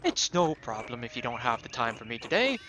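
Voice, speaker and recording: Guy doing a low preachy old priest, solemn, lecturing. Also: very animated, a little fast, bright, forceful tone, slight background noise. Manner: solemn, moralizing. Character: older male village priest, pious and preachy.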